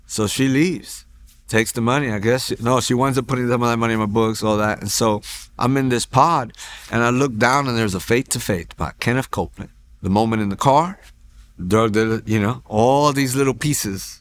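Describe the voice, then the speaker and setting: A man telling his personal faith testimony at a church, in a casual, animated storytelling way that acts out quoted lines, with frequent restarts. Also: lowish voice, slight background noise. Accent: Texan. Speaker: testimony speaker.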